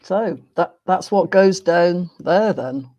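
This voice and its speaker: A woman hosting a casual interview, speaking in a polite, measured and gently wry way. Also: on the low side, lively intonation, dry recording, highs cut off. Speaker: host.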